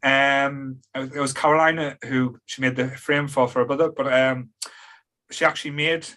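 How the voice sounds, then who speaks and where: Bright-voiced man host. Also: mid-range voice, fairly even intonation, moderate pace. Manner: rambling, many fillers and restarts, laughs easily. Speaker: podcast host. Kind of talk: casual chat.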